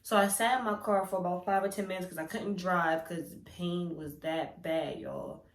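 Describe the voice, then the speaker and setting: A young woman speaks, telling a frank storytime vlog. She talks animatedly and acts out what others said with sudden leaps in pitch. The room around her is echoey. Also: normal speed. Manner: animated and candid, acts out quoted lines with big pitch jumps. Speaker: vlogger.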